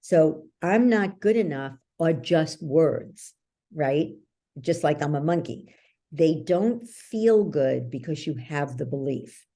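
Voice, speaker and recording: Woman coach guest, low mellow voice, takes her time, keeps asking "okay?". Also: slow. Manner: checks in with the listener often, storytelling. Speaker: guest, belief-change coach. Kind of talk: explanatory interview talk.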